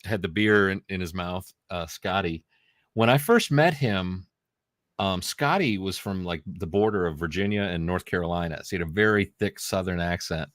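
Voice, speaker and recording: A man's voice: low-pitched, lively intonation, normal speed, fairly bright tone, no echo, studio quality. A man co-hosting a podcast, telling funny stories in casual chat and laughing often. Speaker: podcast co-host.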